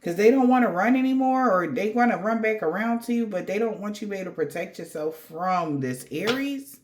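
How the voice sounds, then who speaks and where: A woman's voice: medium pitch, animated, fairly quick, slight background noise. A woman giving a casual tarot reading, rambling in slangy talk addressed straight to the viewer. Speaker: tarot reader.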